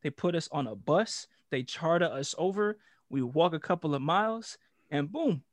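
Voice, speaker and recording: A man with a fairly high voice tells a long story to friends, animated and profane, laughing between lines. The sound is close and dry, with no room around it. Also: moderate pace, no room sound. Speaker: podcast co-host. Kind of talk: casual storytelling chat.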